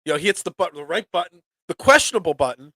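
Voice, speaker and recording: A man with a cold and a stuffy, nasal voice hosting a casual sports talk show, talking excitedly and often repeating words. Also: high-pitched, very fast, husky, no room sound. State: congested from a cold. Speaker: sports podcast host.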